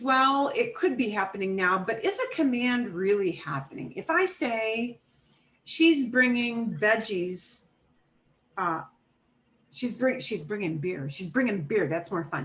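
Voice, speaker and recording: A woman's voice: a little high, poor audio. Woman teacher on a video call, patient, explains things step by step. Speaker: Spanish teacher. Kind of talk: online class teaching.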